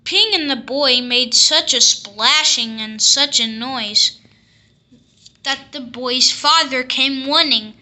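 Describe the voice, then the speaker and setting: A woman reading a classic picture book aloud, telling the story slowly and expressively. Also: sits high, sharp tone. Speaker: storybook reader.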